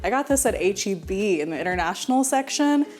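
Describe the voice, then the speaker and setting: A woman's voice: medium pitch, animated, brisk, darkish tone. Giggly chatty young woman from Houston. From Houston, Texas. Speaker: cooking show host. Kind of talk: casual cooking tutorial.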